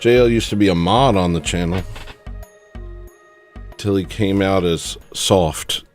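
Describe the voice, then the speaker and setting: A man's voice: low voice, unhurried, faint music behind. A man hosting a livestream and talking casually in a rambling, sarcastic way, dismissing a critic in his chat. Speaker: livestream host.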